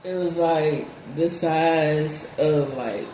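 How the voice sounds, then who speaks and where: A woman's voice: sits low, extremely slow, dark tone. A woman hosting her channel, telling a story casually, bluntly and with profanity, leaning on "like" a lot. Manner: heavy use of "like", blunt and profane. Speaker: channel host. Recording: echoey room, faint background noise.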